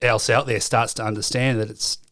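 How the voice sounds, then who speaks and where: A man's voice: medium pitch, flat delivery, a little fast, fairly bright tone. A man hosting an interview and asking long, supportive questions. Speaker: podcast host.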